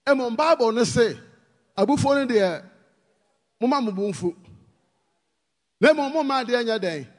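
A man with a Ghanaian accent preaching a sermon, pleading with the congregation and rising to shouted emphasis. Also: very high-pitched, animated, normal speed, long pauses, in a large hall.

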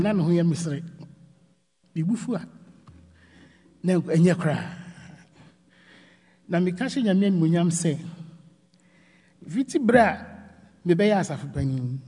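A woman's voice: medium pitch, warm tone, slightly rough, big-room sound. A Ghanaian woman, a church elder, preaching a sermon with emphatic, repeated phrases.

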